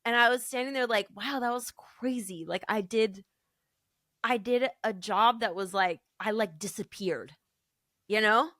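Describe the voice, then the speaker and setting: Unhurried and mid-range in pitch, a woman recounts a story while co-hosting a podcast, slipping into the voices of the characters she quotes. The recording is dry and studio quality, and her storytelling is lively and casual.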